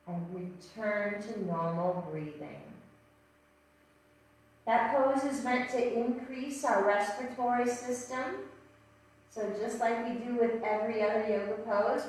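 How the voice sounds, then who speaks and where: A woman teaching a yoga class, giving calm, gently paced cues and counting breaths. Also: medium pitch. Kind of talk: guided yoga instruction. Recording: echoey room, voice from a distance.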